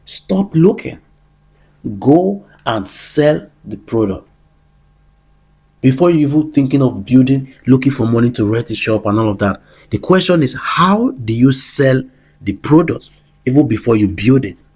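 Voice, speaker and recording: A man's voice: mid-range voice, lively intonation, a little slow, a little mellow, slightly rough. A young man hosting a business show, telling a personal story in an earnest motivational monologue that repeats key phrases. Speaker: business podcast host.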